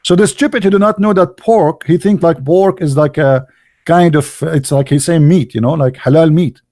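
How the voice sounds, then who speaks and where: A sarcastic man from the Middle East holds forth in English, slipping in fillers and laughing at his own jokes. His voice sits a little high and sounds close and dry, with no room behind it. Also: normal speed, warm tone, no echo. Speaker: channel host. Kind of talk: mocking monologue.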